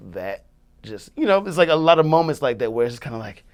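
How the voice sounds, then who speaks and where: A man's voice: a little high, expressive, racing. A young man, a music producer, telling a story in casual chat, loose and full of fillers. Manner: loose, filler-heavy, many "like"s, acts out quotes.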